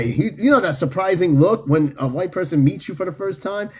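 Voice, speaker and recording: A man with a New York City accent hosts a casual livestream, reading viewer comments aloud in an animated, profane way and laughing often. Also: high voice, moderate pace, hardly any pauses, husky. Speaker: host.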